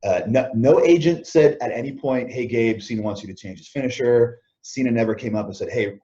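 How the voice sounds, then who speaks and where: A man's voice: mid-range voice, fairly quick. A man being interviewed as a guest, telling backstage stories in a casual way, acting out what others said and chuckling often. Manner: animated anecdotes, acts out quoted lines, chuckles often. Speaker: interview guest, former wrestler. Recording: dull lo-fi audio.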